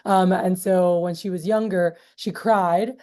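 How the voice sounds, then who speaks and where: A woman's voice: fairly low pitch, fairly even intonation, measured pace, dark tone. A woman in her thirties leading a group meeting, talking casually with many fillers and acting out quoted voices as she tells stories. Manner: chatty, heavy fillers like "um, uh" and "like"; acts out quoted voices in storytelling. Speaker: meeting leader.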